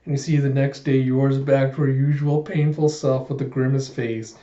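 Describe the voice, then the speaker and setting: A man's voice: mid-range voice, level tone, normal speed, warm tone. A man casually recapping a manga chapter in a chatty way, retelling scenes line by line, recorded in an echoey room with dull sound. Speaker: manga reviewer.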